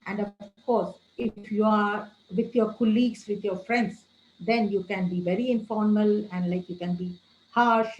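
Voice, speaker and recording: A woman trainer giving a training lecture, calling her listeners friends and slowing down to stress key words. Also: medium pitch, a little mellow, echoey room, muffled recording. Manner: addresses listeners as friends, gives tips.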